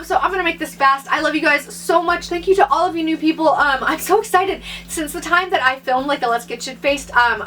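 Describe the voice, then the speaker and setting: A woman's voice: high voice, bright, forceful tone, recorded from a distance, a little hiss or hum, rough recording. A young woman vlogging casually, sarcastic and rambling, recorded on a phone camera. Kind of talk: casual vlog reading.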